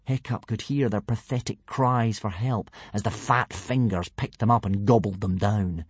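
A male narrator reads a children's adventure story with playful energy. His voice is low and slightly husky, and the pitch rises and falls in a lively way. The recording is dry and close. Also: moderate pace, no room sound. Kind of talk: audiobook narration.

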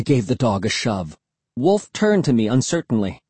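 A man narrating a first-person storybook in an expressive, tense storytelling manner. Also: medium pitch, moderate pace, husky, no room sound. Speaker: audiobook narrator.

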